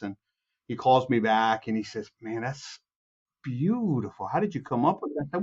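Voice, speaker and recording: A man from Chicago, a composer and guest, telling anecdotes with lively acted-out quotes, many restarts and laughs. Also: medium pitch, a little fast, husky, muffled recording. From Chicago, USA. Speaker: music producer and film composer, guest. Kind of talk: animated anecdotal storytelling.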